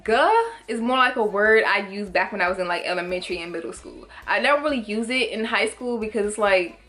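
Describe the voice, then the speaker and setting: A woman's voice: mid-range voice, fairly quick, fairly bright tone. An eighteen-year-old woman with a Washington DC area accent talks straight to her viewers in a casual vlog. She is chatty and emphatic, loading her sentences with "like" and local slang. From DC, Maryland and Virginia area. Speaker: vlogger.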